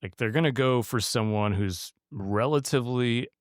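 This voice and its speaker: A man's voice: medium pitch, normal speed, no room sound, studio quality. A man co-hosting a casual podcast, rambling a little and laughing at his own stories. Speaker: podcast co-host. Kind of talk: casual chat.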